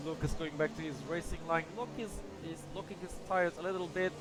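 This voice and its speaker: A man's voice: fairly high pitch, fairly even intonation, fairly quick. A man giving casual, hesitant live commentary on an online racing league, thinking aloud as he goes. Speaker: race commentator. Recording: music playing behind.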